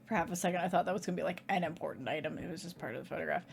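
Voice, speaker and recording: A woman's voice: fairly low pitch, racing, creaky. A woman streaming a horror game, talking through it with sarcastic, swearing commentary. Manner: sarcastic, swears casually, thinks aloud. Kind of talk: let's play commentary.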